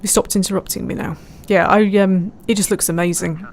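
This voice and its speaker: A woman's voice: medium pitch, steady tone, fairly quick, a little hiss or hum. A woman streamer chatting casually while flying a simulator, giggling often and reading out viewers' messages. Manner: chatty, giggly, reads chat aloud. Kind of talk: casual live-stream commentary.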